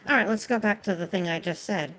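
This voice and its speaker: A woman's voice: fairly low pitch, fast, a bit bright, poor audio. A woman whose first language is Japanese, giving chatty, swearing commentary on a game and talking to her chat. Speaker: streamer.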